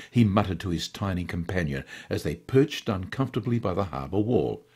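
A man reading a short story aloud for radio in a lively, theatrical manner. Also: deep voice, brisk, hardly any pauses, breathy edge. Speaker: volunteer radio story reader. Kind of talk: expressive audiobook narration.

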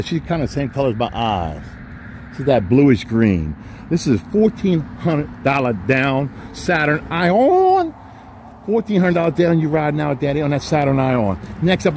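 A man pitching used cars outdoors, talking in folksy, joking salesman patter. His voice sits a bit high for a man. Faint outdoor noise hums behind him. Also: a little mellow. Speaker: used car dealer. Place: outdoors on a rainy car lot.

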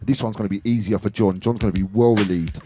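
A man's voice: on the low side, steady tone, fast, mellow, breathy edge, dry recording. A man hosting a casual video with friends, playful and laughing often, repeating phrases as he talks. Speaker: DJ and video host.

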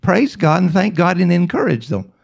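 A male preacher telling a story in a sermon, with slow, emphatic, repetitive phrasing. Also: high voice, sing-song, gravelly, a little mellow, breathy edge.

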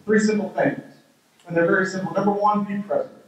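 High-voiced man telling a comic story in an echoey hall. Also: brisk, distant mic. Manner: comic, animated storytelling with acted-out quotes. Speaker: keynote speaker. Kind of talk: storytelling keynote speech. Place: large hall with an audience. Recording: very echoey hall, heard from afar.

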